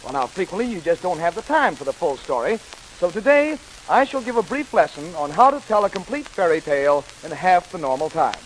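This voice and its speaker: A man telling a fairy tale as a rapid-fire comic routine, jumping between shouted character voices. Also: high voice, lively intonation, rough recording. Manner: breakneck patter, shouted voices for each character. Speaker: comic storyteller. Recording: hissy vintage record.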